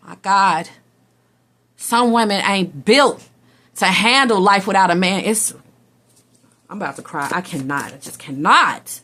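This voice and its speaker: A woman giving a casual tarot reading in an unhurried, drawn-out way. She is blunt and dramatic and swears freely, at a middling pitch. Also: sharp tone. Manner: dramatic, blunt and profane, slipping into mock voices. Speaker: tarot reader.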